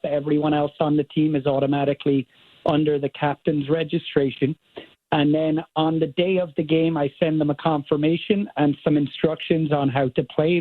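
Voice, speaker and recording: A man's voice: fairly high pitch, dry recording. A man talking as an interview guest, explaining plainly. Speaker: interview guest, trivia game host. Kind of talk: remote radio interview. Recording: tinny dry phone line.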